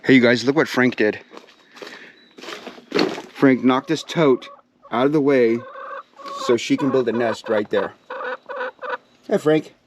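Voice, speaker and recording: A man's voice: medium pitch, slow pace, long pauses, background noise. A man hosting a casual outdoor vlog at his pheasantry, folksy and rambling, full of fillers, often calling out to viewers and chatting sweetly to his birds. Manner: easygoing and folksy, many fillers, keeps addressing viewers as "you guys"; talks sweetly to his birds while walking around. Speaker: pheasant breeder and channel host.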